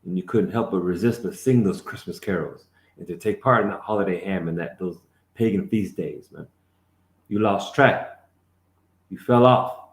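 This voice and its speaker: Deep-voiced fiery preaching man, echoey. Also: fairly quick. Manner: emphatic, calls out prompts, tags lines with "man". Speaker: lead teacher of the class. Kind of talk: fiery street-preaching sermon. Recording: echoey room.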